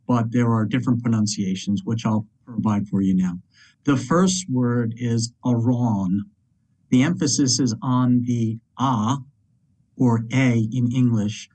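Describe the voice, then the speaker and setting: Slow, careful man explaining pronunciation. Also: medium pitch, a little mellow, rough recording. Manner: careful, deliberate, spells out sounds. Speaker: student presenter.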